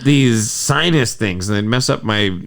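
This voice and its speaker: Podcast co-host man, stuffed-up, lively pitch, profane and laughing often, desk mic. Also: measured pace, creaky. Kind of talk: casual chat. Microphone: desk microphone.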